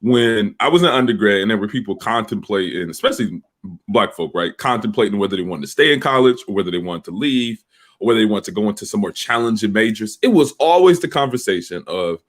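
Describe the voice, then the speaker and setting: A man with a deep morning voice, a cybersecurity professor on a panel, telling stories in a relaxed way. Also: fairly quick. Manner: relaxed storyteller, laughs easily. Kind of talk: casual panel chat.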